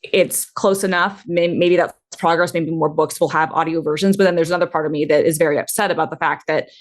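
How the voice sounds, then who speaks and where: A woman's voice: deep voice, steady tone, fast. A woman panelist in a casual tech chat, thoughtful and hedging, with many fillers and restarts.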